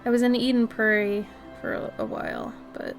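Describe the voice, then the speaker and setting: A woman's voice: on the high side, big pitch swings, normal speed, faint music behind. A woman in her thirties from Minnesota, with a slight Minnesotan accent, chatting casually as she answers her live-stream chat. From Minnesota, USA. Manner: chatty, reads and answers chat, gushes and giggles. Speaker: art streamer.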